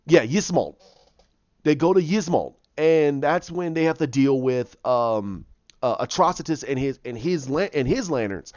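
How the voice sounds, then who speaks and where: A man's voice: fairly high pitch, animated, measured pace, a little mellow, dry recording. Rambling man retelling a story idea. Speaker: fan pitching a film plot. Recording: dull lo-fi dry mic.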